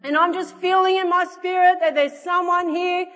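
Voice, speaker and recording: Woman doing a zealous teen guy making a shop announcement, high-pitched, roomy hall sound. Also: slow, heavily acted. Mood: excited. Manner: loud and excited, announcing to the whole shop. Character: eager young man, about eighteen, bold and zealous. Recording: echoey hall with soft music.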